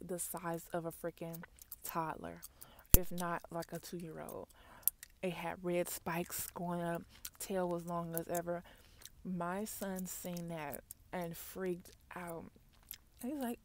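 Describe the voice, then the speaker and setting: A woman tells a lively storytime in a soft, half-whispered ASMR style, chewing gum close to the microphone. Her voice sits a little low and carries a gravelly fry. She talks straight to her viewers as "y'all", over a faint hiss of background noise. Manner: chatty, animated storytelling, addresses viewers as y'all. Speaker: ASMR vlogger.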